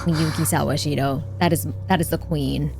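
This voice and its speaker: A woman's voice: low voice, steady tone, normal speed, gravelly, over music. A woman streaming a game, reacting casually and emotionally, gushing and swearing freely as she talks to her chat.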